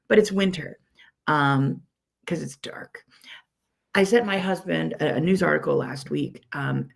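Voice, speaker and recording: A woman's voice: fairly low pitch, creaky. A woman with a Pittsburgh accent hosting a casual livestream, chatty and rambling with many "um"s as she greets viewers by name. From Pittsburgh, USA. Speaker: quilting teacher hosting a weekly livestream.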